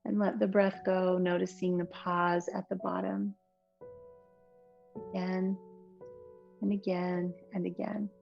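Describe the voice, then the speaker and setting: A woman yoga teacher giving slow, soothing, gentle cues through relaxation and breathing. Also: fairly low pitch, level tone, vocal fry. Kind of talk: guided yoga and relaxation instruction. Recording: slightly muffled recording with soft instrumental music.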